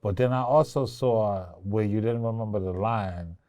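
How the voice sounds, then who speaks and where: A man's voice: fairly low pitch, normal speed, darkish tone. A man coaching a young actress in a casual interview, playful and teasing, sometimes breaking into song. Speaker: acting coach.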